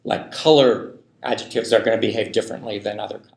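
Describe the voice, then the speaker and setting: A man's voice: on the low side, fairly even intonation, fast, gravelly, darkish tone. A man giving a university linguistics lecture, thinking aloud with many fillers and frequent "right?" checks to the class. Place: lecture hall. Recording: echoey lecture hall.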